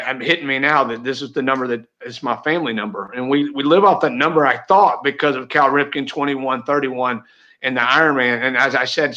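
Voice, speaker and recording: A middle-aged man who works in real estate tells an earnest personal story in an interview, often starting over. His medium-pitched voice sounds pushed and bright, captured with lo-fi sound.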